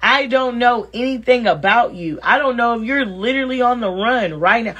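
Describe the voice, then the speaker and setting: A woman vlogger telling her viewers a dating story in a casual, animated, sassy and blunt way. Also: on the high side, normal speed, hardly any pauses.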